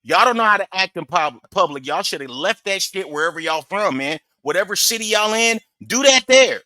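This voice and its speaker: A man's voice: high voice, animated, fairly quick, pushed and bright, no echo. A man hosting a reaction channel, giving sarcastic, mocking casual commentary.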